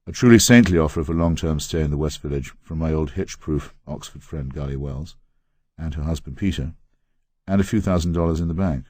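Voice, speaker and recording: An English man narrating his memoir as an audiobook in a wry, measured, ironic way. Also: very deep voice, darkish tone, no echo, clean studio sound. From England.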